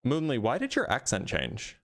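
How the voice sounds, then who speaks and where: A man hosting an online debate, calmly asking short probing questions and repeating them. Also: mid-range voice, moderate pace, vocal fry. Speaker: debate streamer host.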